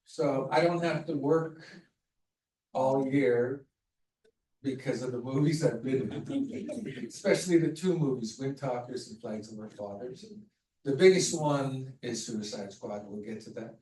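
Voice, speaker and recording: A man tells his story slowly and candidly to an audience. He sounds set back from the mic in a roomy space. It comes through as video call audio. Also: mid-range voice, dark tone, distant mic. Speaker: motivational speaker. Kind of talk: storytelling talk.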